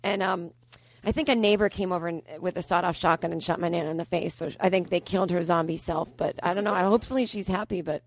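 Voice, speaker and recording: Fast-talking deadpan woman comic. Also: fairly low pitch. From Boston. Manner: deadpan, matter-of-fact delivery of absurd stories. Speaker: comedian guest. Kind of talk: improvised comedy storytelling.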